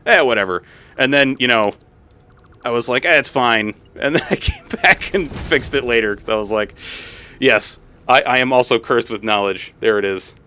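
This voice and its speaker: A man streaming a factory-building game, chatting with viewers in an animated way and breaking into exasperated, swearing outbursts. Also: medium pitch, normal speed, clean tone. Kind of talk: live gameplay commentary.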